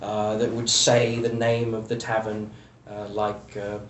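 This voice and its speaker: A man's voice: on the low side, monotone, measured pace. A man running a tabletop game, talking loosely and rambling with jokes. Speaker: game master. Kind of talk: casual tabletop game narration. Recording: echoey room, distant mic, faint noise.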